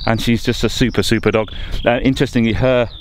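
A man's voice: medium pitch, steady tone, fast talker, a little hiss or hum. A man, out on a countryside walk with his dogs, chatting casually to the camera as he goes. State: out of breath while climbing. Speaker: vlogger. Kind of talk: casual walking vlog. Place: outdoors on a countryside hill walk.

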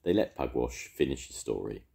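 An older man, a storytelling grandad, reading a children's story aloud with expressive delivery. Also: rumbling low, normal speed, vocal fry.

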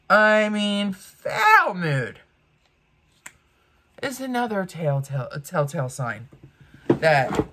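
A woman in her fifties doing get-ready-with-me commentary, blunt and ranting, swearing freely. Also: low voice. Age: 50s. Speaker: beauty vlogger.

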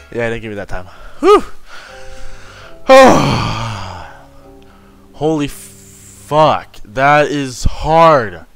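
A man's voice: mid-range voice, fairly bright tone, no room sound. A young man giving horror game commentary, jittery and swearing, yelping when startled. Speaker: gamer.

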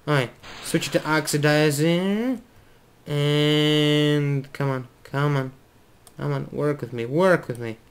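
Excitable man narrating his gameplay. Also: a little high, takes it slowly, clean tone. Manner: excitable, talks to himself while flying. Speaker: gaming video host. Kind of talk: let's play commentary.

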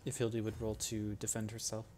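A young man runs a tabletop game as game master, narrating the action in an animated, loose way. He laughs often and leans on fillers and casual swearing. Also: fairly low pitch, a little fast, a little hiss or hum.

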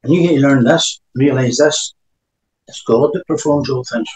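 A man's voice: mid-range voice, normal speed, a little mellow, roomy sound, low-quality recording. A man preaching a sermon, reading scripture aloud between emphatic remarks.

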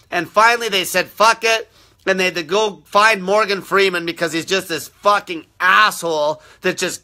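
Brief: high-pitched, very bright, tense male host, abrasive, profane and insulting, live-stream rant. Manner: aggressive, constant swearing, insulting viewers. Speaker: fasting diet coach hosting a live show.

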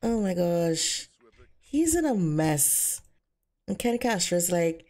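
A woman's voice: lowish voice, big pitch swings, slow, dark tone. A woman giving a chatty, bubbly commentary over a life-simulation game she plays. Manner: chatty, bubbly, many fillers. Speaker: let's player.

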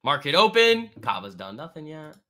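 A man's voice: fairly high pitch, very animated, moderate pace, sharp tone. A man hosting a trading livestream, talking casually and slangily while reading and answering chat.

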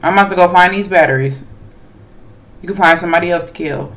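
Talking fast in a mid-range voice, a jittery gamer narrates a horror game let's play, answering back to characters on screen and other players. Quiet nervous remarks break into sudden excited outbursts.

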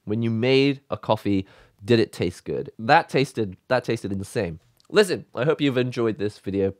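Excited, rambling man with a low voice. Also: normal speed, no echo, studio quality. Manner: excited, rambling, with laughs and sighs. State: emotional. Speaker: YouTube host. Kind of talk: casual vlog talk.

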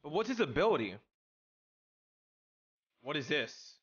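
A young man streaming a video game, chatting casually with his chat in an excitable, slangy way. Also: on the high side, measured pace, breathy edge, muffled recording. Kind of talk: casual live-stream chat while gaming.

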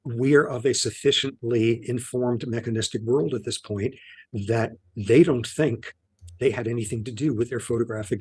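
Casting: man, husky voice, measured thoughtful interview guest, dry sound. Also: medium pitch, no echo. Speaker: interviewee scientist. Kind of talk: conversational explanation.

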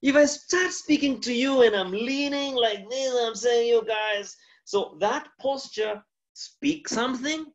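A man with a Kenyan accent, a pastor giving a mentorship lecture on communication, demonstrative and full of pauses and shifts in volume. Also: lo-fi sound. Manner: lively, demonstrative, shifts volume and pitch to illustrate.

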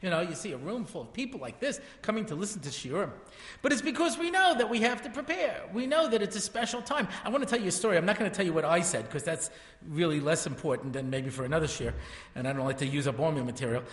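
Rabbi guy around 60, high voice, rambling funny story talk, big echoey hall. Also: expressive, quick pace. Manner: chatty, self-interrupting, joking asides. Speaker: rabbi giving a lecture. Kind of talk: humorous storytelling lecture to a live audience. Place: large hall with an audience.

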